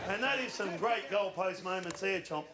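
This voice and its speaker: Breathless excitable Australian man. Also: high voice, moderate pace, echoey room, a loud crowd. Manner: excitable, laughing, exclaiming. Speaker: panelist presenting footage segment. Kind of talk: casual studio banter.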